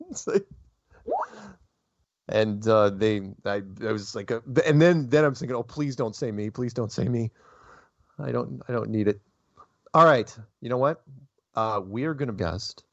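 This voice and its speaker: A man hosting a talk show, talking in a rambling, animated way and laughing often. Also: mid-range voice, no echo, muffled recording. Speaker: show host. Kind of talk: casual interview chat.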